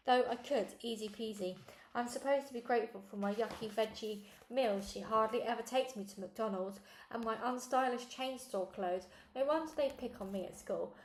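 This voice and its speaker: A woman reading a children's storybook aloud in a conversational first-person narration. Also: on the high side. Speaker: reader. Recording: echoey room, faint noise.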